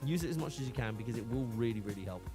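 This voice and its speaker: A man's voice: medium pitch, animated, racing, music in the background. A man streaming live, chatting casually and animatedly, often restarting and laughing.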